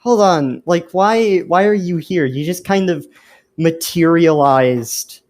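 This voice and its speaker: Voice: medium pitch, takes it slowly, darkish tone, lightly acted. Player doing a sassy winged robot who argues back, stumbles over words. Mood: defiant. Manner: argumentative, stammering. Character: mouthy winged reploid, argumentative.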